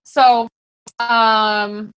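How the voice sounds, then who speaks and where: A woman's voice: fairly high pitch, little pitch movement, very slow, fairly bright tone, smooth, dry recording, low-quality recording. A woman coaching fellow fitness coaches in a casual, very conversational way, full of fillers. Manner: very conversational, chatty with many fillers.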